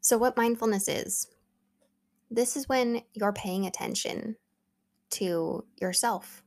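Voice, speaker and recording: Speaking slowly in a fairly high, somewhat mellow voice, a woman in her thirties hosts a motivational solo podcast. Her tone with listeners is earnest and chatty as she coaches them.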